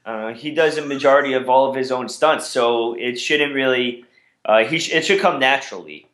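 A man co-hosting a casual wrestling podcast, talking in an easygoing, halting way with frequent restarts. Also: mid-range voice, fairly bright tone. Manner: easygoing, hesitant, many fillers and restarts. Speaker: podcast co-host. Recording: roomy echo.

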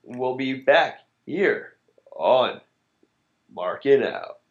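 A man's voice: mid-range voice, expressive, extremely slow, noisy background. A man co-hosting a wrestling podcast, chatting casually and often trailing off mid-thought. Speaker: podcast co-host. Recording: dull lo-fi mic.

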